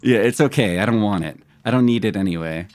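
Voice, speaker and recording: There's background noise behind this fast-talking man with a fairly low voice. He's streaming a game live, bantering with his viewers in an animated way and laughing off his own fails.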